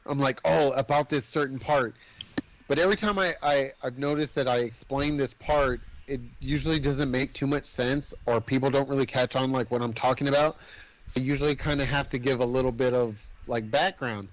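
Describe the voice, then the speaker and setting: A man co-hosting a podcast, casually recapping a film plot in an animated, swearing storytelling manner. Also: mid-range voice, a little fast, poor audio. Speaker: podcast co-host. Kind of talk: casual movie recap chat.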